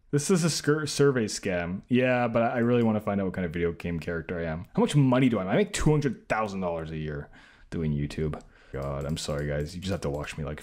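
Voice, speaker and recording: A man's voice: low-pitched, a little mellow. Sarcastic young man streaming. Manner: sarcastic, incredulous, lots of laughing asides. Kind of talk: casual stream commentary.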